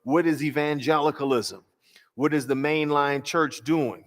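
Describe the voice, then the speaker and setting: A man, a pastor, giving a church workshop lecture, measured and emphatic, slowing on key phrases and asking rhetorical questions. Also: fairly high pitch, steady tone. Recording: long hall reverb.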